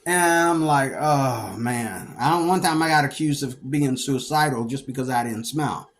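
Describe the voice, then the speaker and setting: A middle-aged man from Pennsylvania, United States, spins rambling, animated stories of his past, breaking into loud bursts as he mimics what people told him. His pitch is medium and his pace normal, like a casual monologue.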